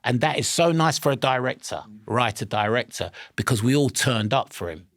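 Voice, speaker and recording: A man's voice: medium pitch, lively intonation, moderate pace, fairly bright tone, no echo, studio quality. Emphatic middle-aged male actor. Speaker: actor, guest. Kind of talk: casual chat.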